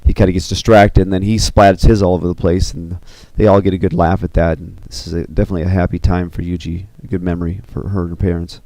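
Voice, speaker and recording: A man casually pitching a film story scene by scene, loose and rambling with many fillers. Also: flat delivery, quick pace, few pauses, warm tone, no echo. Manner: loose and rambling, full of 'you know' and 'kinda'.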